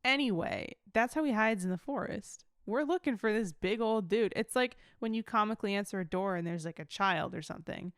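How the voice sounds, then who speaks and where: A woman co-hosting a comedy podcast over a video call, playful with deadpan asides. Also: medium pitch, brisk, hardly any pauses, dry recording, studio quality. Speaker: podcast co-host. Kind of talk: casual comedic chat.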